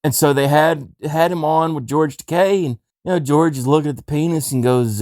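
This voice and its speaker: A man's voice: fairly high pitch, normal speed, hardly any pauses, darkish tone, no room sound, clean studio sound. A man hosting a comedy podcast, telling rambling stories with crude jokes in casual chat. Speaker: podcast host.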